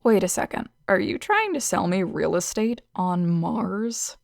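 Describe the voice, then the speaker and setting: A young woman narrates a first-person audio story, dry and sarcastic in tone. Her mid-range voice has a gravelly edge, recorded close in a dead, dry room. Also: fairly low pitch, big pitch swings, unhurried, no echo.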